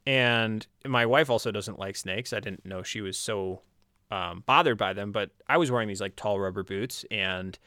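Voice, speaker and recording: A man chatting as a podcast guest, telling stories with animated quoted voices. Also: moderate pace, no echo, studio quality. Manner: animated storyteller, acts out quotes in a high voice. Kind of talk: casual conversation.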